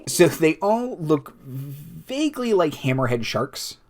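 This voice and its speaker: A man narrating a tabletop game as game master, halting, with many fillers and restarts. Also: on the high side, big pitch swings, slight background noise.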